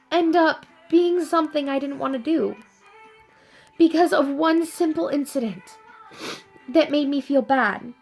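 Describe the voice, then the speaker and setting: A young woman with a high-pitched voice, recorded with poor audio, talks earnestly and upbeat to her viewers. It's a casual inspirational vlog in which she tells a story with animated ups and downs.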